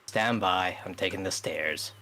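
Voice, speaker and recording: A man playing a tabletop game, hesitant and slow to make up his mind. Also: low-pitched, pushed and bright. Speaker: player.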